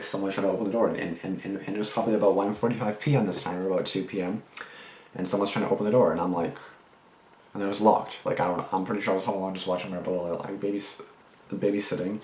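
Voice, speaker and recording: A man's voice: low-pitched, darkish tone. A young man casually rambling through reaction commentary and a personal story, full of fillers, restarts and swearing. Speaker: reaction channel host. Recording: echoey room with faint background noise.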